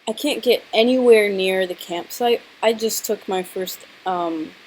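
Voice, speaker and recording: A woman's voice: medium pitch, unhurried, a little mellow, slight background noise, rough recording. A young woman vlogger with a sore throat, telling a story in a chatty, dramatic way and saying "like" a lot. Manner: chatty and dramatic, heavy use of "like". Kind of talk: casual storytelling to camera.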